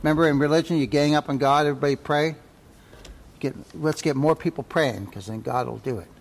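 A man's voice: on the high side, fairly quick, big-room sound, a little hiss or hum. A man teaching a Sunday school Bible class in a folksy, conversational way, repeating key phrases and checking in with "right?".

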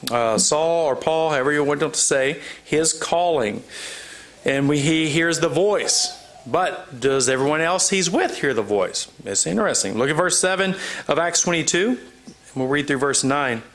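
A man teaching through a Bible passage, reading the verses aloud and explaining them in a relaxed, conversational way with frequent fillers. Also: fairly high pitch, unhurried, a little hiss or hum. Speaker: pastor.

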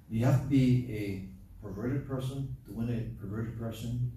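A pastor preaches a conversational sermon packed with rhetorical questions and chatty asides, in a mid-range voice with a dark tone. A distant mic picks him up in an echoey church hall, with slight background noise.

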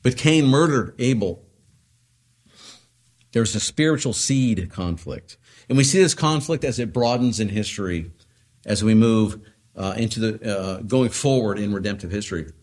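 Male preacher, lowish voice, teaching sermon, loose and conversational, with tag questions and fillers. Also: animated, moderate pace, a little mellow. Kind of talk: expository sermon.

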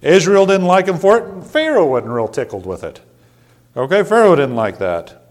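A pastor preaching an evening sermon with a relaxed, chatty manner. His voice sits a little high for a man, and he stumbles over and repeats words as he goes. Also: moderate pace. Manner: folksy, conversational preaching with repeated words and asides.

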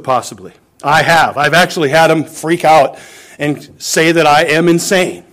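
A man with a high voice preaches a sermon. He leans hard on his points and acts out the scripture he quotes with drama. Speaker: pastor.

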